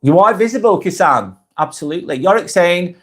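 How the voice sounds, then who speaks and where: A man's voice: sits high, lively intonation, fairly quick. A man with a Lancashire accent hosting a casual live stream. He reads viewers' comments aloud and answers each one by name in a plain, direct way. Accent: Lancashire, Northwest England. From Northwest England.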